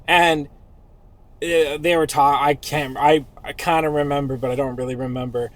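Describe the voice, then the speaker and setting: A man's voice: a little high, fairly even intonation, moderate pace, a bit bright. A man hosting a casual podcast chat, crude and joking, often laughing. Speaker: podcast host.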